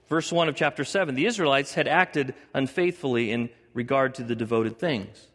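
Man preaching in an echoing hall. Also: a bit bright. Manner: dramatic, acts out voices of biblical figures with rising pitch. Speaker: pastor. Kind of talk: sermon. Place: church sanctuary. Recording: long reverb of a large hall.

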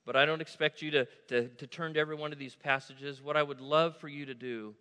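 Bright-voiced preacher in a reverberant hall. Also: male voice, on the high side, steady tone, fast talker, clean tone. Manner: preaching with call-and-response to the congregation. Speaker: pastor. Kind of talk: sermon. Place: church sanctuary. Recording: long reverb of a large hall.

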